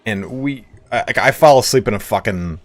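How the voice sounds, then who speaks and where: A man's voice: fairly low pitch, animated, moderate pace. A man streaming a game, telling a story in a chatty, rambling way, swearing freely. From United States. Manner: chatty, swears freely, slips into mock voices.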